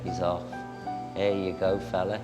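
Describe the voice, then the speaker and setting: A man's voice: deep voice, little pitch movement, unhurried, loud music behind the voice. An older man presenting and narrating, joking and cooing at dogs in a camp manner. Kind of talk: documentary narration and chat.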